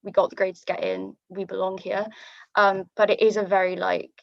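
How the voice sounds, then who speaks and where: A woman's voice: medium pitch, flat delivery, fairly quick, gravelly, no echo. A young woman student on a panel, talking in a reassuring, filler-heavy way. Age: young adult. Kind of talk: casual panel discussion. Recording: dry muffled lo-fi audio.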